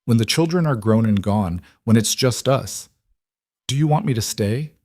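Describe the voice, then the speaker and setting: A man reading the lines of a hopeful frontier widow in a soft, earnest voice, in an audiobook. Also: medium pitch, animated, normal speed, no room sound, clean studio sound, lightly acted.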